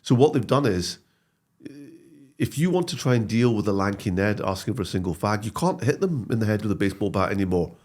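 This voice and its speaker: A man, a comedy actor talking as a guest in a casual interview, animated and prone to restarts. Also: on the low side, fairly quick. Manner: animated storytelling with frequent restarts.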